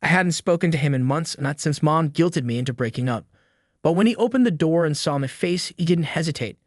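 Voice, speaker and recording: A man's voice: on the high side, animated, fairly quick, no echo, clean studio sound. A man reading a scripted first-person drama story in a somber, earnest way. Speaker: narrator.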